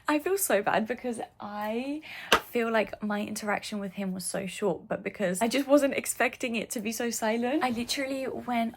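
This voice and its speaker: Gushing young woman vlogger, gravelly edge. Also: a little high, moderate pace. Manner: gushing, chatty, full of "like". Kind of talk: casual chat.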